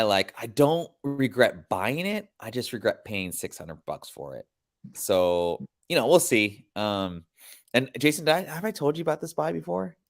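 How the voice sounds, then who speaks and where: A man hosting a podcast, chatting casually in a rambling, slangy way. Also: mid-range voice. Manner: rambling, laid-back, slangy. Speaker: podcast host. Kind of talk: casual chat.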